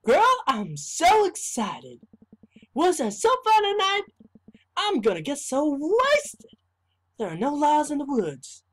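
Man doing a breathless squealy party girl for a game playthrough, big swoops in pitch. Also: wildly swooping pitch, takes it slowly, full character voice. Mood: giddy. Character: giddy young party girl. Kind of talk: gameplay voice acting.

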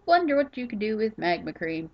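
A tired woman talks her way through a game session in casual, rambling commentary. She chats to herself, muses aloud and stops to yawn. Her pitch sits in a middle range for a woman. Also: big pitch swings, brisk, dull audio. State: tired, yawning. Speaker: gaming YouTuber.

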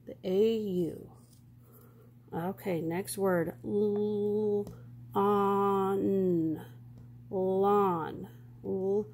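A woman leads a phonics lesson for young children at a very slow, deliberate pace. She stretches each sound apart before blending it back into the word. Her pitch sits in a middling range, and her tone stays patient and instructive. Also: mellow, slight background noise. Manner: slow, careful sounding-out of words. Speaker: teacher.

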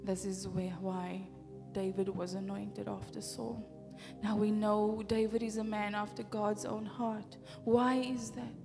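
Her voice medium-pitched, creaky and even, a woman pastor with a South African accent preaches at a measured pace, pressing rhetorical questions with fervor. Faint music drifts through the reverberant church hall.

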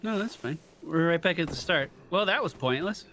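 A man's voice: fairly high pitch, expressive, normal speed, bright, forceful tone, a little hiss or hum. A man giving casual game commentary with dry, wisecracking banter. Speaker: co-op let's play gamer.

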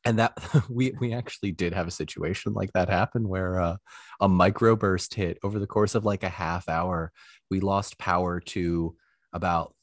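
A man talking as a podcast guest, telling animated stories and acting out the lines he quotes. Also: low voice, moderate pace, no echo, clean studio sound. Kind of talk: casual interview chat.

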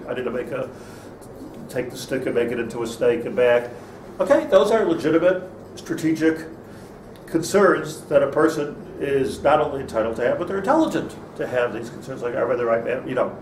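A man, a rabbi, teaching an informal Torah class in a conversational way, with many restarts and Hebrew terms. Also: mid-range voice. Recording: echoey room, speaker far from mic, faint noise.

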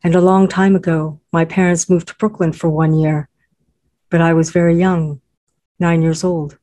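A woman's voice: lowish voice, flat delivery, moderate pace, dark tone, natural voice. A woman voicing a young, coy and blasé Korean woman who speaks with a slight accent, during a reading of her own essay.

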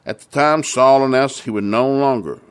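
A man's voice: medium pitch, moderate pace, smooth. A man preaching and retelling Bible stories for families, emphatic and repeating phrases for stress.

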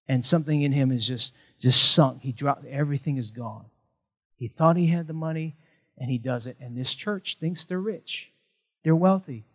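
Emphatic pastor with a lilt. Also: male voice, medium pitch, normal speed, fairly bright tone, slightly rough. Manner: emphatic, punchy repetition with jokes. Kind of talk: sermon.

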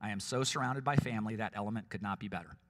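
A man's voice: fairly low pitch, racing, fairly bright tone, big-room sound. Man reading a heartfelt memorial tribute. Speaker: son of the deceased giving a eulogy. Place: church.

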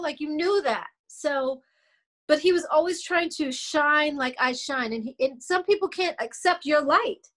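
Blunt high-voiced woman telling her story. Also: a little slow, a bit bright. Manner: emphatic, blunt, swears freely, acts out quotes. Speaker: interview guest, singer. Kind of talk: candid interview chat.

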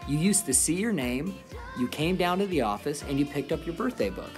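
A woman on the school morning news, her voice low and full of rise and fall. She talks slowly and explains each point to young listeners. Music plays clearly beneath her. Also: big pitch swings, a little mellow. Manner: slow, explanatory, addressing young students.

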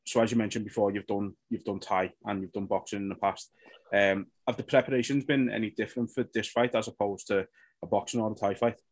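A man's voice: on the low side, fairly even intonation, fast talker, no echo. A man hosting a podcast, casually and amiably asking fighters questions. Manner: friendly, leads the questions. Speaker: podcast host.

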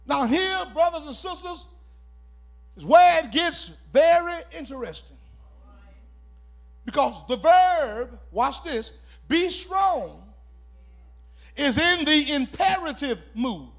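A pastor preaching a sermon, calling for responses and shouting key words as he repeats phrases. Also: very high voice, expressive, takes it slowly, pauses often.

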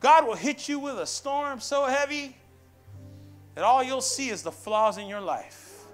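A pastor preaching in a high, bright-pitched voice, punchy and playful, calling for the congregation to answer him. Music plays clearly underneath his sermon. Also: lively intonation, a little slow. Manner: call-and-response, punchy, playful asides. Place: church sanctuary. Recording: music behind.

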